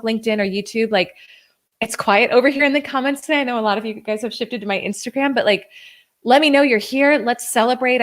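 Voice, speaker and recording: Woman, 30s, live-stream coaching host: effusive, gushing, chatty, peppered with "like.". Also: fairly high pitch.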